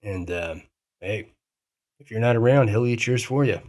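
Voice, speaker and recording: A man's voice: lowish voice, moderate pace, darkish tone. A man co-hosting a podcast in casual chat, teasing his friend and rambling, swearing freely. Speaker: podcast co-host.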